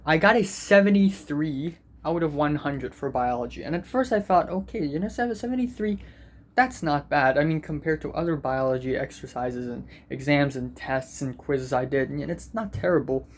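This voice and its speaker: A man's voice: a little high, lively intonation, normal speed. A teenage boy vlogging as a student, venting in an angry, profane and self-deprecating way. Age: teens. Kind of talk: ranting vlog.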